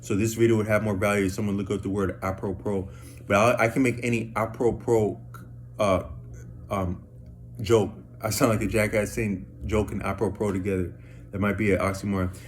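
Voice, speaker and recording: A man's voice: on the low side, little pitch movement, fairly quick, slight background noise. A man telling a rambling story to the camera, stammering and repeating words in casual slang. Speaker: vlogger.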